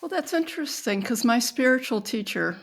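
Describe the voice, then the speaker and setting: A woman hosting an interview, speaking in a measured, reflective way. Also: fairly high pitch, lively intonation. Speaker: podcast host. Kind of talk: conversational interview.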